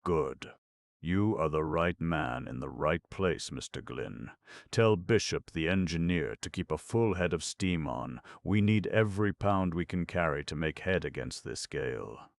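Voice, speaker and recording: A man's voice: rumbling low, expressive, a little slow, gravelly, dry recording, full character voice. A man reading the lines of a stern veteran steamboat captain who gives clipped, commanding orders.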